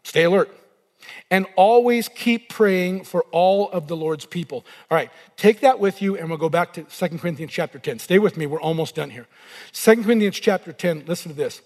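A middle-aged male pastor preaching a sermon, animated and acting out inner voices as he goes. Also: sits high, brisk, long reverb tail.

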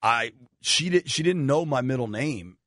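A man's voice: medium pitch, animated, measured pace, a bit bright, dry recording. A man hosting a radio show, joking with his co-hosts in a dry, self-deprecating way in the studio. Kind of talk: casual studio banter. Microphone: studio mic with headphones.

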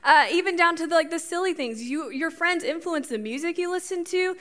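A woman giving a conversational sermon, animated and talking straight to her audience. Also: very high-pitched, a little fast. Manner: animated, talks straight to the audience, laughs at her own slips. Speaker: youth speaker.

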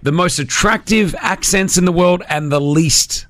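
A man with an Australian accent hosting a radio show, energetic and emphatic on a studio mic. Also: high-pitched, a little slow, dry recording. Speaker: radio host. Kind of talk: morning radio banter.

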